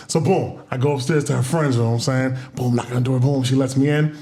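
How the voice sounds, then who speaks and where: Easygoing man, mid-pitched, slangy storyteller. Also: steady tone, vocal fry, darkish tone. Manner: laid-back, drawn-out storytelling with slang. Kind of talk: casual storytelling.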